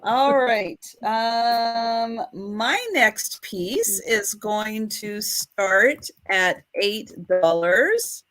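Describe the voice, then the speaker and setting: A woman co-hosting a live online vintage sale, describing each piece carefully with frequent ums and pauses, streaming over a home internet connection. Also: fairly high pitch, lively intonation, fairly bright tone. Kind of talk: live online sales chat.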